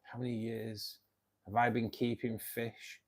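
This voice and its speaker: A man's voice: mid-range voice, flat delivery, measured pace. A man in his fifties with a Mancunian accent, chatting casually with viewers on a fishkeeping livestream and calling them "mate". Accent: Mancunian English. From England, Manchester. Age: 50s. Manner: chatty and matey, keeps saying "mate". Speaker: livestream host of a fishkeeping club.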